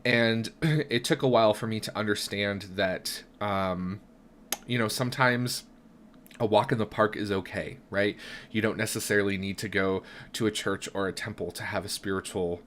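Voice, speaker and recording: Man, young adult, low voice, reflective live-stream chat, faint background hiss. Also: moderate pace, fairly bright tone. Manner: reflective, chatty, many "right?" tags and restarts. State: has hiccups. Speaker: tarot reader and channel host. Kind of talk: live-stream casual talk.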